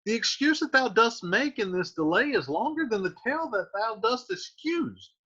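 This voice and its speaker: A man's voice: very high-pitched, very animated, normal speed, bright, forceful tone, breathy edge, voice pushed up, heavily acted. A man voicing an impatient young girl in love, pleading and insistent as he reads the lines aloud in a lesson. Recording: muffled lo-fi recording.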